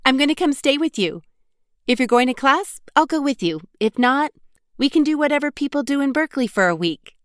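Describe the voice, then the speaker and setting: A woman's voice: fairly high pitch, lively intonation, normal speed, dry recording, clean studio sound, voice pushed up, close to an everyday voice. A woman reading an audiobook, voicing a chatty, blunt young college woman who talks in casual slang and teases her friend. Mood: lively. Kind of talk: audiobook character voice.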